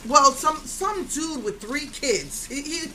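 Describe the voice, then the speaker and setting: A woman's voice: high-pitched, animated, takes it slowly, sharp tone, a little hiss or hum, poor audio. A middle-aged woman casually recounting a confrontation, indignant, repeating herself and acting out what others said. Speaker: vlogger recounting an incident. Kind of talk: casual storytelling to camera.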